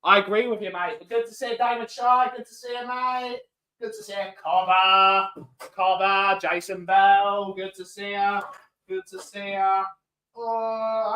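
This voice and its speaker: Male livestream host with a sharp, bright tone, casual and chatty, shouting out viewers. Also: sits high, level tone, a little slow, smooth. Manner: chatty, greeting viewers in chat one by one. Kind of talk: casual live-stream chat.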